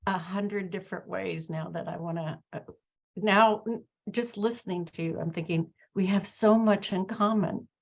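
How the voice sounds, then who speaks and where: A woman's voice: mid-range voice, steady tone, moderate pace, gravelly. Reflective woman host, slightly muffled. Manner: reflective, storytelling with many fillers and restarts. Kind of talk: conversational interview chat.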